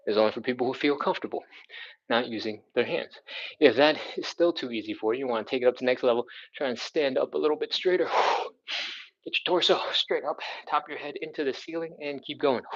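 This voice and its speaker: Dude running a live stretch class, puffing a bit, upbeat, kinda dull lo-fi stream sound. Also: male voice, mid-range voice. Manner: upbeat, encouraging, counts reps aloud. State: out of breath. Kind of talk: live workout instruction.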